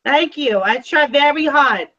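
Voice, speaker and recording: High, bright woman teasing her co-host. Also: expressive, lo-fi sound. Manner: teasing, quick comebacks. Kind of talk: casual live-stream chat.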